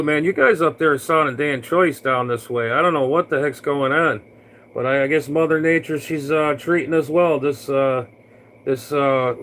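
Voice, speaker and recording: A man's voice: on the high side, fairly bright tone, slight background noise, poor audio. A man, a CB radio operator from Florida, chatting casually on air in a folksy, rambling way with lots of fillers.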